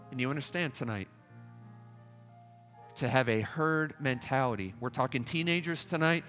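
A man's voice: medium pitch, normal speed, sharp tone, long reverb tail, soft background music. A man preaching a revival sermon at a camp meeting, fervent and pleading, repeating his appeals. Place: large tabernacle.

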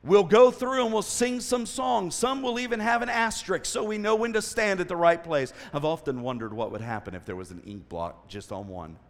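A man preaching a sermon as a traveling preacher, telling a story with lively asides and voiced quotes. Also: sits high, normal speed. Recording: long hall reverb.

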